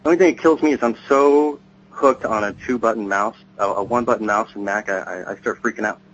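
In this casual podcast chat, a male co-host with a lower, somewhat bright voice talks fast while spinning long, rambling stories. The audio is dull and lo-fi, carrying a faint hum.

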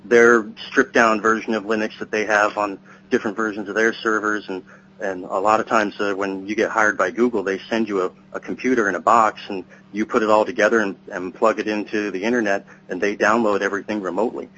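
Flat in delivery and fairly quick, a man with a fairly low, sharp-toned voice co-hosts a podcast, trading casual talk and drawn-out tales. The sound is lo-fi and dull, carrying a faint hum.

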